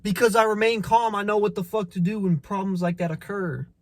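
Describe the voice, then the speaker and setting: A man with a high-pitched voice delivers a casual motivational monologue, blunt and full of swearing. He preaches straight at the listener, repeats his points and trips over restarts. The recording is close and dry, with no room sound. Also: steady tone, fairly quick, dry recording. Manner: repeats phrases, stumbles on restarts. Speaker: motivational vlogger.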